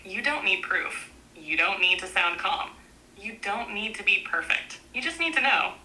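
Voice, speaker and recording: A woman narrating a book aloud in a gentle, reassuring way, speaking in short, repeated affirmations. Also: medium pitch, low-quality recording.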